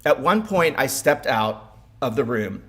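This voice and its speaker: A man's voice: mid-range voice, lively intonation, unhurried. Wry man giving a eulogy. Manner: warm, wry humor with stumbles. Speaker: eulogist, son-in-law. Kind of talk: funeral eulogy. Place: funeral home.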